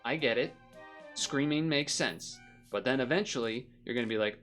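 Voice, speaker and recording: A man's voice: mid-range voice, moderate pace, a bit bright, faint music behind. A man streaming a game, chatting casually and rambling between moves, often laughing. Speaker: gaming streamer. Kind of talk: casual commentary while playing.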